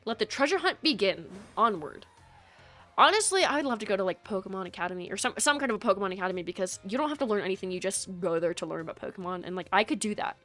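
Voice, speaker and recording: A woman's voice: mid-range voice, lively intonation, very fast, hardly any pauses, fairly bright tone, faint music behind. A woman game streamer chatting casually in her bedroom, rambling and self-deprecating. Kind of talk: casual live-stream chat. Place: small bedroom. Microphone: streaming setup.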